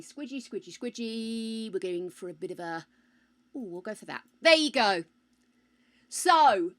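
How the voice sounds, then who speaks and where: An older British woman from the United Kingdom streams a game and chats casually with her viewers, calling them darling and swearing freely. Her voice is a little high with a fairly bright tone.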